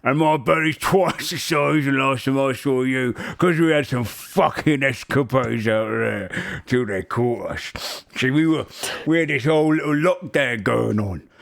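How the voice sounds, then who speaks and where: A man doing a chatty ogre. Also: mid-range voice. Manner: chatty, rough-spoken, swears casually. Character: short clever male ogre prisoner, chatty.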